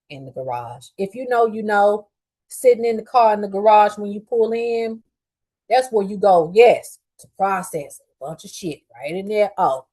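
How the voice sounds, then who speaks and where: A woman's voice: medium pitch, breathy edge. A middle-aged woman hosting a podcast, telling a personal story in a candid, profane and heated way, upset after a day of crying. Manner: candid, profane and heated, swinging between quiet fuming and loud outbursts. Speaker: podcast host.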